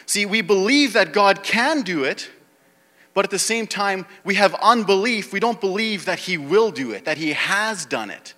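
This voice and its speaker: Bright-voiced preacher man in reverberant hall. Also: high-pitched, animated, normal speed. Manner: reads scripture then preaches, growing more emphatic. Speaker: pastor. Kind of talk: sermon.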